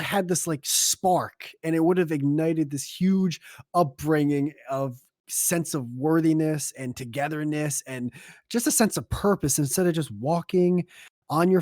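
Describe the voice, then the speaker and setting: A man's voice: fairly high pitch, a little mellow, no room sound. A man talks on a casual podcast, winding through a long anecdote and swearing as he goes. His voice is close and dry, with no room sound. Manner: rambling storyteller, profane. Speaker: podcast co-host.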